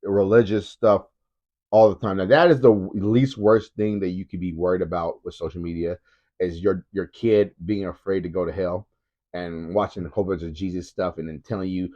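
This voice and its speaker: A man's voice: deep voice, moderate pace, highs cut off. A man in his thirties co-hosting a casual comedy podcast, telling stories and acting out the people in them. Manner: animated storytelling, acts out voices. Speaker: podcast co-host.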